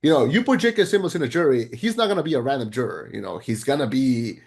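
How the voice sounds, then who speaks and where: A man co-hosting a podcast, chatting casually and excitably about a film, rambling with frequent restarts and casual swearing. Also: mid-range voice, quick pace, gravelly. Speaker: podcast co-host. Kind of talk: casual film review chat.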